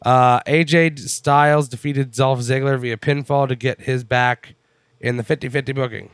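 Smooth-voiced man rambling casually. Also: mid-range voice, steady tone, normal speed, no room sound, clean studio sound. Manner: rambling, wry, sprinkled with swearing. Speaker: wrestling podcast co-host. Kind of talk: casual chat.

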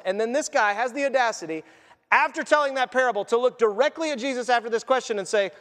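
A man preaching a sermon as pastor, animated, acting out voices and joking along the way. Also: very high voice, brisk, long reverb tail. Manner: animated, acts out voices and jokes.

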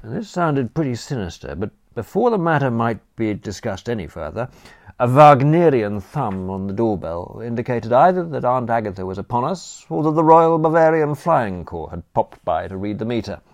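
A man reading first-person comic narration for an audiobook in a wry, animated manner. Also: mid-range voice, normal speed.

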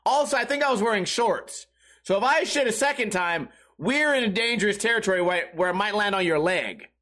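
A man with a rather high voice tells crude, profanity-laced stories as a podcast host. He rambles from one bit to the next, laughs at his own jokes, and jumps into the voices of the people in his stories. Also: animated, fairly quick, pushed and bright. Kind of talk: comedic storytelling monologue.

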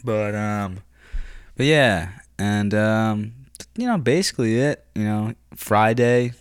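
A young man with a low voice tells a rambling story in a loose, profane ramble. He sounds close to the mic in a dry room with no echo. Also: animated, slow, clear, resonant tone. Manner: rambling, profane, swears constantly. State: recovering from surgery. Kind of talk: casual storytelling.

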